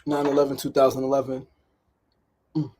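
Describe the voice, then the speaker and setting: Against a noisy background, a middle-aged host from New York City speaks in a monotone, medium-pitched voice, a little fast. He runs a motivational daily talk show, pressing his points, repeating himself and frequently asking "right?".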